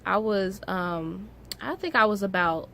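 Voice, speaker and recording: A woman's voice: medium pitch, unhurried, creaky, bright, forceful tone, slight background noise. A young woman vlogger telling a story in a casual, emotional way, full of "like" fillers and growing indignation.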